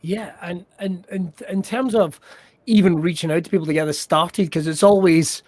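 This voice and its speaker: A man's voice: sits high, normal speed, a little mellow, no echo. A man with a Scottish accent hosting a casual podcast interview, jokey and self-deprecating. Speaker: podcast host.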